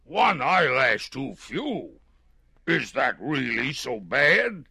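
A man voicing a huge, hungry male bear who is gullible and easily alarmed, whining in a husky, creaky voice for a storybook reading. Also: medium pitch, sing-song, slow pace, pushed and bright, no room sound, clean studio sound, pitched above the performer's own voice, heavily acted. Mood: whiny.

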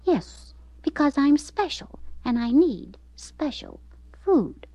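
A woman's voice: high voice, very animated, takes it slowly, mellow, no room sound, pitched above the performer's own voice, full character voice. A woman voicing an eager, boastful young male animal in a storybook. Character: young male pet animal who feels special.

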